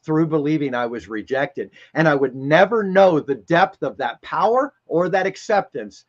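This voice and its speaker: A man's voice: a little high, animated, moderate pace. A man with a slightly raised voice talks in an emphatic, rambling way, often repeating his words. The sound is dull and lo-fi, like stream audio. He is a guest sharing his thoughts casually. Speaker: guest speaker on a spiritual live stream. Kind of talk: casual spiritual talk.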